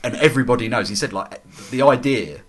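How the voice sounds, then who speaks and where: A man's voice: mid-range voice, lively intonation, fast talker. A young man chatting enthusiastically about comics, rambling with lots of fillers and restarts. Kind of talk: casual chat about comics.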